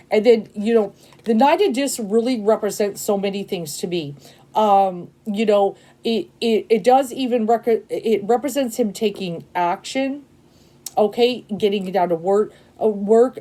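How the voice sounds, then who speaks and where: A woman giving a casual tarot reading to camera, emotional and excitable, rambling with many fillers and frequent "okay?" checks. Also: medium pitch. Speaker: tarot reader.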